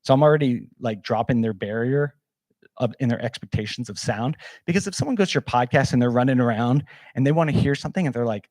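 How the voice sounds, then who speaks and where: A man's voice: mid-range voice, fairly quick, a little mellow, no echo, studio quality. A man presenting a live workshop, talking casually and with energy while he shows gear, with many fillers like "like" and "man".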